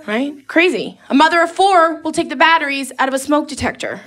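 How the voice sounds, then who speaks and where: A young woman doing a bawdy stand-up set on a club stage, slipping into quick acted-out voices. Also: fairly high pitch. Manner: brash, bawdy, acts out quick impressions. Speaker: stand-up comedian. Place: comedy club stage before a live audience. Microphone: handheld stage mic. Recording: live club recording with loud audience laughter. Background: crowd laughing.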